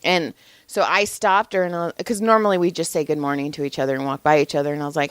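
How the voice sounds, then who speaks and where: Animated, swearing woman podcast co-host. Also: on the low side, fast, clean tone, dry recording. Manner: animated storytelling, acting out quoted voices, frequent swearing. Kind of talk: casual podcast chat.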